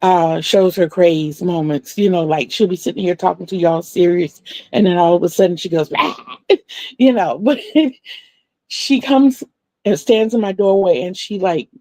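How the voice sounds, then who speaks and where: A middle-aged woman, telling animated stories on her crochet livestream, laughing often and acting out the voices of the people she quotes. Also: lowish voice, moderate pace, no echo. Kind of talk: casual storytelling chat.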